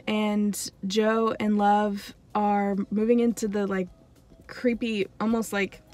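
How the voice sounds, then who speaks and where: Chatty young woman recapping a series. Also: medium pitch. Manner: chatty, fillers like "like", dramatic asides. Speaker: TV show reviewer. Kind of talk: casual spoiler recap.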